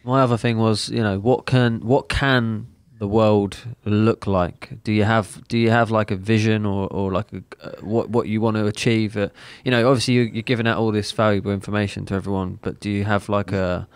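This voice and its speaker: A man's voice: fairly low pitch, little pitch movement, a little fast, few pauses, clear, resonant tone, dry recording. A man hosting a casual podcast, asking questions hesitantly and often repeating words.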